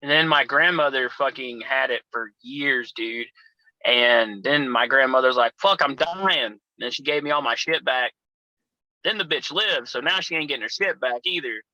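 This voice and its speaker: This wrestler guest, a young adult man, swears nonstop while spinning rambling, tangent-filled stories and imitating the people he quotes. He speaks at a moderate pace in a medium pitch that sounds pushed and bright, on a dry, rough recording.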